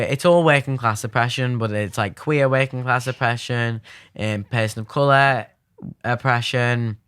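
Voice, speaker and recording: A man's voice: fairly low pitch, a bit bright, smooth, dry recording, clean studio sound. A young man with a Scouse accent, chatting animatedly as a podcast guest, rambling with many fillers and restarts. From Liverpool, England. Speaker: podcast guest, poet and theatre maker. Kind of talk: casual interview chat.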